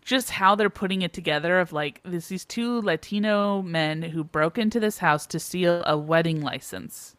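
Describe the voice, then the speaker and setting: A woman co-hosting a podcast, chatting casually with quick, jokey reactions. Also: fairly low pitch, fairly bright tone, no echo. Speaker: podcast co-host. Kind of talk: casual chat.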